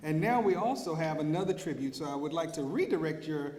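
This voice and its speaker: A man's voice: fairly high pitch, expressive, brisk, darkish tone, a little hiss or hum. A man as emcee, formally introducing the next tribute at a ceremony, stumbling a little over his words. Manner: formal announcing with a few stumbles. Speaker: emcee of the event. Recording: echoey hall with long reverb.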